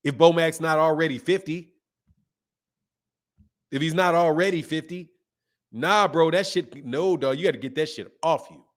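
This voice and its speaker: A man's voice: on the high side, normal speed, long pauses. A man in his fifties hosting a boxing channel, talking in loose slangy live-stream chat and laughing often. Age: 50s.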